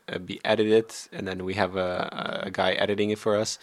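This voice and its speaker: A man's voice: low-pitched, little pitch movement, moderate pace, dry recording. A man chatting casually on a podcast with his wife, laid-back and teasing, often with short replies. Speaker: podcast guest, host's husband. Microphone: studio podcast mic.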